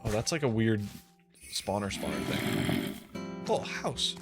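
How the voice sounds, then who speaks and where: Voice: medium pitch, sing-song, slow, creaky. Rambling streamer over game music. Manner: rambling, self-deprecating, chatty. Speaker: live streamer. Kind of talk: casual gameplay commentary.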